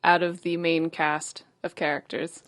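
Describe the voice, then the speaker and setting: A woman's voice: low-pitched, flat delivery, measured pace, a bit bright, dry recording, studio quality. Playful woman podcast host. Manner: playful, teasing, upbeat. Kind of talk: casual film podcast chat.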